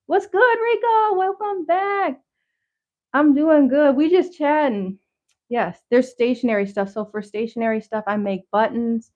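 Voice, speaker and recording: A woman chatting on a casual livestream. She rambles in loose slang, full of fillers and restarts, and talks straight to her viewers. She sounds a little out of breath, and the stream audio is slightly dull and lo-fi. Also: medium pitch. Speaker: livestream host showing handmade crafts.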